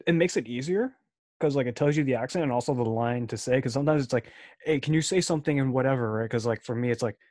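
A young man co-hosting a podcast in casual chat, laid-back and joking, trailing off softly. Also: medium pitch, quick pace, no echo, clean studio sound. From Chinese descent, speaks Mandarin. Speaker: podcast co-host.

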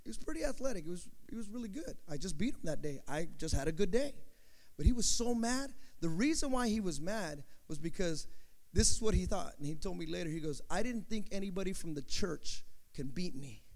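A man's voice: high-pitched, fairly quick, in a large hall. A man preaching a sermon, telling stories animatedly and asking his listeners questions. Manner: animated, asks the crowd questions, acts out quotes. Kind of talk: sermon storytelling.

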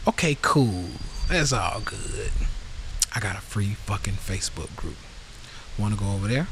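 A man's voice: fairly low pitch, normal speed, fairly bright tone, a little hiss or hum, poor audio. Blunt, profane man ranting on a podcast. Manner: blunt, profane, heated, reads out live comments. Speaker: podcast host. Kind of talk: casual rant to a live audience.

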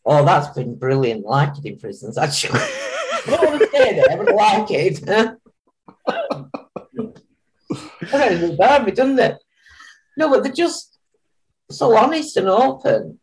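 An older woman, speaking as a guest on an interview podcast. She is plain-spoken and chatty, and her speech swings widely in pitch at a mid height. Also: huge pitch swings, a little slow, long pauses, a little hiss or hum, low-quality recording. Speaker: guest, charity founder. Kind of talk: casual interview chat.

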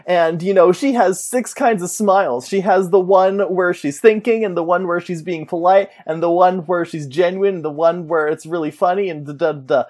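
Man, slightly high voice, casual chat, animated movie recap, acts out lines. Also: moderate pace. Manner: animated retelling, acting out characters' lines with laughs. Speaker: podcast co-host.

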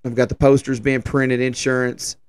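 A man's voice: mid-range voice, level tone, moderate pace, clean tone. A man, hosting a podcast and telling a long, rambling story in a casual, folksy way, full of fillers and restarts. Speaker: podcast host and festival organizer.

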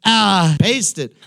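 Male pastor, high voice, lively sermon delivery that climbs to shouts. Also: creaky, slightly rough. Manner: animated preaching, rising to shouts, humorous asides.

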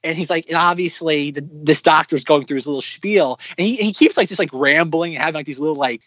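A man co-hosting a casual film podcast, talking excitedly with lots of fillers and restarts. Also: on the high side, quick pace, dry recording. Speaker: podcast co-host.

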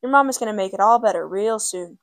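A woman reading aloud and voicing an aunt who hushes a crying child and blames herself. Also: mid-range voice, fast, no room sound, natural voice. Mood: soothing. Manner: hushing, soft. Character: soothing, guilt-ridden aunt.

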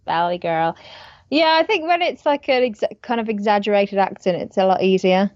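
Young actress, giggly, chatty. Dull, dry sound. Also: female voice, medium pitch, animated, fairly quick, dry recording. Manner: chatty, giggly, filler-heavy. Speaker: actress, co-host. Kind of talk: casual chat.

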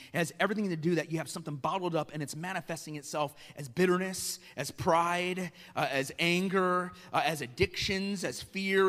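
A middle-aged pastor from Iowa, preaching a conversational sermon, asking the crowd questions and acting out dialogue. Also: male voice, a little high, fairly bright tone. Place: church hall. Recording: long reverb of a large church hall.

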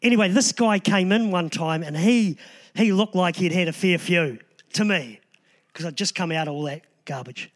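A male preacher with a notably high voice delivers a sermon. He talks conversationally, often restarting phrases and slipping in casual asides. The tone stays more chatty than formal. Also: normal speed. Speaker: pastor.

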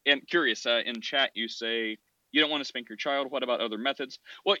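Bright-voiced rambling man on a podcast. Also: medium pitch, brisk, dry recording, highs cut off. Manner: rambling, animated, acts out quoted voices. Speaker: podcast co-host. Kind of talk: casual discussion.

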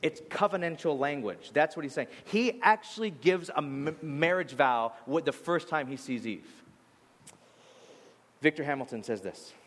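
A man preaching a sermon as a pastor, talking in a loose, conversational way and telling lively stories with quick asides. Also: on the high side, long reverb tail. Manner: conversational, animated storytelling with asides.

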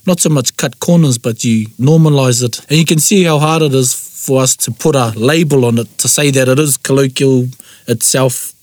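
A man's voice: medium pitch, moderate pace, darkish tone, dry recording. Man, New Zealand Māori accent, reflective co-host, plain mid voice, dry recording. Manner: reflective, agreeable, many yeahs. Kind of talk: casual chat.

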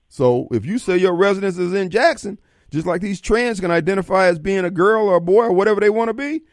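A man's voice: high voice, lively intonation, fast talker, hardly any pauses, dry recording, studio quality. A man hosting a call-in talk radio show, blunt and streetwise in his delivery.

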